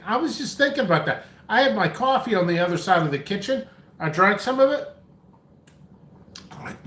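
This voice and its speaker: A man's voice: high voice, big pitch swings, moderate pace, a bit bright, reverberant. A man hosting a casual live chat, rambling and chatty on coffee, a little out of breath. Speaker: pepper seed seller and channel host. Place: indoor home workspace.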